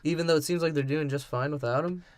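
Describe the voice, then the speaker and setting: A man's voice: on the high side, quick pace, a little mellow, no room sound. A man co-hosting a casual podcast, laughing often and swearing as he breaks down a movie. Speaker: podcast co-host.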